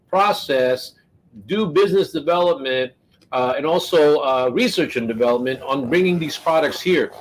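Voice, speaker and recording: A man hosting a live product showcase, his voice sitting a bit high for a man. He chats loosely and keeps talking with his mouth full. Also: poor audio. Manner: chatty, talks while eating. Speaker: show host. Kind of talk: live product demo chat. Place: US studio.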